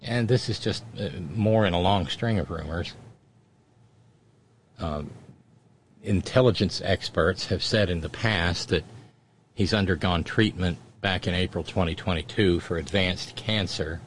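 A talk show host with a fairly low male voice and a wry, joking delivery. He reads listener comments aloud and tosses in puns and asides. His tone is casual and loose, full of "uh"s. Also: measured pace, slight background noise.

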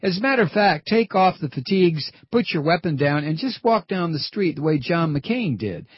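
A man tears into his target in a furious, profane broadcast rant, taunting and jeering as his voice climbs. His tone is husky and a little raised in pitch. The audio sounds dull and dry. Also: lively intonation, normal speed, dry recording. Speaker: political commentator. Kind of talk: angry on-air rant.

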